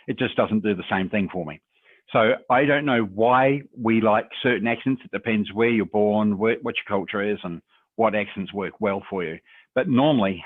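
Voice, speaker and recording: A man's voice: lowish voice, no echo. Man, guest speaker, video call, encouraging advice, thin phone-like sound. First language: English. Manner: conversational, reflective, encouraging, with rhetorical tag questions. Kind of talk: webinar Q&A advice. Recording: dry, tinny phone-like call audio.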